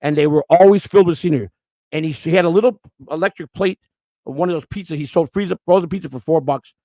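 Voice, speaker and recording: A middle-aged man, talking fast in a gravelly, fry-heavy voice. He hosts a podcast and tells his life story bluntly and emotionally, with plenty of profanity. The sound is dry and close, with no room echo. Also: on the high side, dark tone. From Chicago. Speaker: podcast host.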